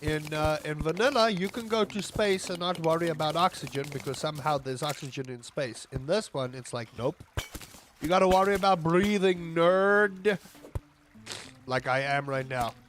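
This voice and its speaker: A man's voice: fairly high pitch, brisk, few pauses, fairly bright tone, a little hiss or hum. A young South African man with a South African accent, chatting casually and rambling on a gaming livestream, now and then exclaiming at mishaps.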